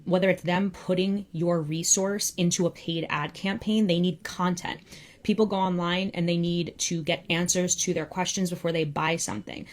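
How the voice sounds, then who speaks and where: A young woman hosts a live Q&A as a freelance copywriting coach, her voice sitting a little low. She talks in a loose, conversational way, filling her sentences with "like.". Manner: casual, conversational, peppered with "like". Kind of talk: live Q&A session.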